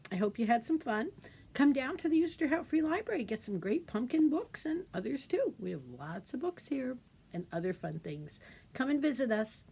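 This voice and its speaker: A middle-aged children's librarian runs a storytime craft demo, speaking to the kids in a gentle, sing-song, teacherly way and asking them questions. Her voice is high-pitched and sing-song at a moderate pace, gravelly with a breathy edge.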